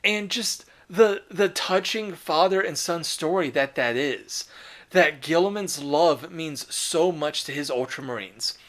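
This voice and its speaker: A man's voice: fairly high pitch, a little slow, a bit bright. A man hosting a casual commentary video, talking with enthusiasm, loose slang and the odd swear.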